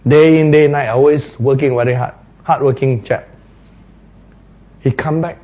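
A man preaching a sermon, retelling a parable with playful, animated storytelling and frequent laughter. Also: medium pitch, unhurried, lo-fi sound.

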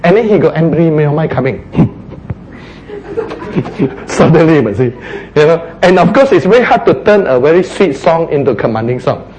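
A man preaching a sermon, acting out quotes, sometimes shouting and then dropping to a hush. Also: on the high side, brisk, slight background noise, rough recording. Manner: animated, acts out quotes, shouts and drops to a hush.

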